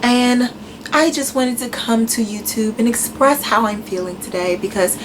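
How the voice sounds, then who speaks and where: Casting note: woman doing a prim, proper lady, hushed and slow, fairly high voice. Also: noisy background, lightly acted. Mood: wounded, prim. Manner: slow, subdued, overly proper. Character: prim, soft-spoken polite woman complaining.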